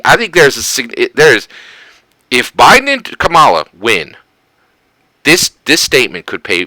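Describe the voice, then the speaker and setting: An American man from Philadelphia giving casual political commentary, emphatic and animated, often tagging "right?" onto his points. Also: medium pitch, dry recording, low-quality recording. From Philadelphia, United States.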